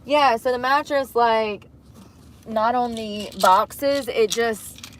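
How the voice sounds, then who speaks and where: A young woman, chatting casually to camera from inside a vehicle, often dropping to soft mutters. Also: a little high, slow pace, background noise. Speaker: vlogger. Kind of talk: casual vlog talk to camera. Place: inside a vehicle bed at night.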